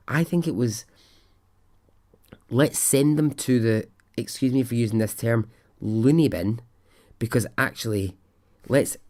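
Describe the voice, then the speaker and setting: A man hosting a podcast, telling a story in a casual, rambling way and swearing freely. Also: lowish voice. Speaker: podcast host.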